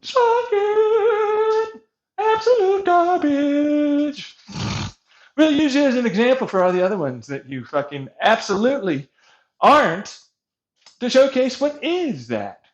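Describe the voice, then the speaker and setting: A man ranting with profanity over gameplay, swinging between shouted mockery and low mutters. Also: very animated, slow, highs cut off.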